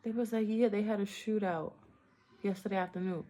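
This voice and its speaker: A woman's voice: mid-range voice, fairly even intonation, brisk, dark tone. A woman from the Bronx in a casual, rambling monologue, blunt and profane, often breaking off mid-thought with playful asides. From the Bronx, New York. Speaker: vlogger.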